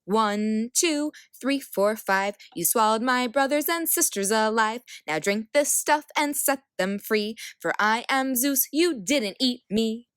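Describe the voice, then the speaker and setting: A woman doing an eager, high young boy god. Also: slow pace, hardly any pauses, no room sound, exaggerated voice. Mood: sing-song. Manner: excited, shouting.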